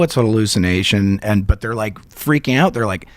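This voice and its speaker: A man co-hosting a comedy podcast, telling a story in a rambling, animated way and swearing a lot. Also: fairly low pitch, brisk, few pauses, no room sound, clean studio sound. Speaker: podcast co-host.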